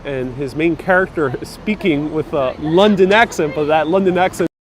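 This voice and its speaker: A man's voice: a little high, moderate pace. A man guiding a live-streamed city bus tour, chatting casually and reading out viewer comments. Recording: faint street and traffic noise.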